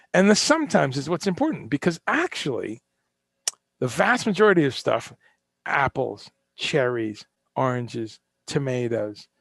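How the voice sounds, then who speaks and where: Impassioned man with a gravelly voice. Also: medium pitch, a bit bright, no echo, clean studio sound. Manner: impassioned, ranting, swears, rhetorical questions. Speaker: host. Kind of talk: live-streamed solo talk.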